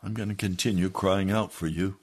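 Reading from a book and then pleading with his congregation, a pastor moves from low, quiet passages to loud, emphatic appeals. He speaks fairly quickly in a steady tone with a breathy edge.

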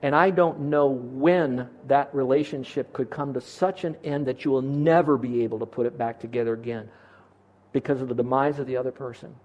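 A man's voice: a little fast, a little mellow, lo-fi sound. A man preaching a sermon as pastor of his church, earnest and conversational, lifting his voice to stress a point. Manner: earnest, rises in pitch for emphasis.

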